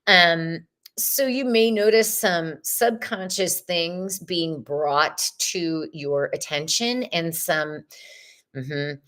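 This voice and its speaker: Slow-talking woman reading tarot. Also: lowish voice. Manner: chatty and expressive, greets viewers in chat. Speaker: tarot reader.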